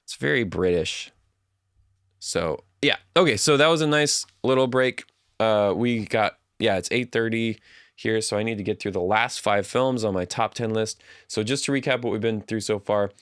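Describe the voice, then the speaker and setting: Low-voiced man chatting on a livestream. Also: moderate pace, a bit bright, smooth, dry recording, clean studio sound. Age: adult. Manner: chatty, reads viewer comments aloud. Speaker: livestream host. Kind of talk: casual livestream chat.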